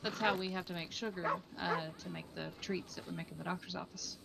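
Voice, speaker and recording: Low, gravelly woman in roleplay. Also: fairly even intonation, quick pace. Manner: casual, plainspoken. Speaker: roleplay player. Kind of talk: in-character roleplay chat. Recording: noisy background.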